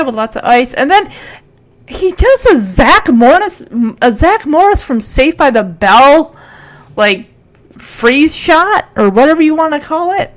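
A woman host giving a casual, animated recap of a TV episode, acting out the characters' lines and saying "like" often. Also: high voice. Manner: animated storytelling, acts out characters' lines, frequent "like". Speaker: podcast host.

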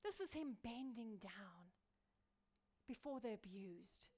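Woman pastor, high voice, sermon, swings between forceful emphasis and hushed near-whisper, repetitive rhetorical build. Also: animated, slow pace, breathy edge.

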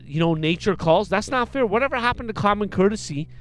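Young male podcast co-host, high voice, animated ranter. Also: fast. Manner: loud, animated ranting. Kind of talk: casual comedic podcast banter.

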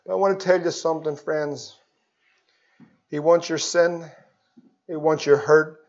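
A man preaching an evangelistic sermon, swinging between loud pleas and hushed tones. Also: a little high, steady tone, measured pace. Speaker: pastor. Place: church. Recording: dull lo-fi sermon recording.

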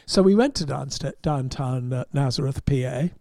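A man, a podcast host and motoring journalist, telling an anecdote in an animated way and chuckling at his own punchlines. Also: mid-range voice, normal speed, gravelly, no room sound, clean studio sound. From England. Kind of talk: anecdotal storytelling.

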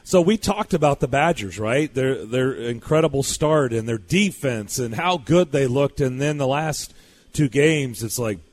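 A man's voice: mid-range voice, expressive, measured pace, a little mellow, dry recording. Man, sports radio host, jokey, runs the segment.

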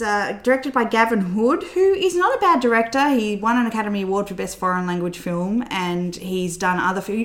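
Podcast host woman in a roomy space. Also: medium pitch. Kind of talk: casual podcast chat. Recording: roomy echo.

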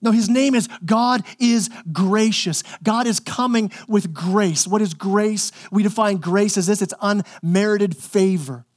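A man's voice: high voice, measured pace, few pauses. A male pastor preaching a conversational, emphatic sermon, often repeating words as he presses a point.

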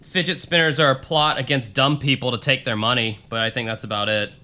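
A man's voice: mid-range voice, steady tone, fairly quick, sharp tone. A young man co-hosting a podcast, talking bluntly and sarcastically and swearing casually. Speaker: podcast co-host.

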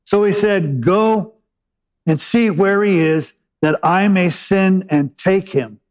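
A man preaching a sermon, retelling scripture with dramatic pauses and plain asides. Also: sits high, poor audio.

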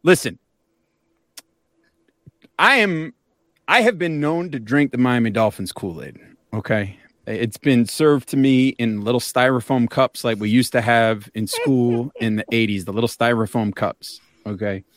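A man in his forties hosting a podcast, animated and wary, talking in quick asides. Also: mid-range voice, no echo, clean studio sound. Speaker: podcast host. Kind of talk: casual podcast chat.

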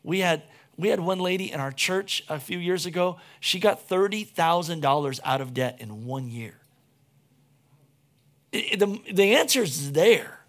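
A man's voice: high voice, measured pace, a bit bright. A young adult man preaching a casual sermon, telling stories with frequent restarts. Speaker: pastor.

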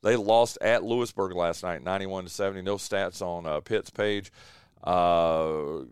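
A man's voice: sits low, unhurried, clear, resonant tone, no echo. A man hosting a casual sports radio show from a studio, chatty and full of fillers, often saying "dude.". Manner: chatty, filler-heavy, says "dude" a lot. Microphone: studio mic.

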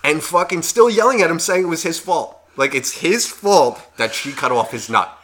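A young man rambles through a story on a casual podcast, swearing often and filling gaps with "like." His voice is bright and fairly high for a man. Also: expressive, normal speed. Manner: profane, rambling storytelling with many fillers. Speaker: podcast co-host. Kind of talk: casual chat.

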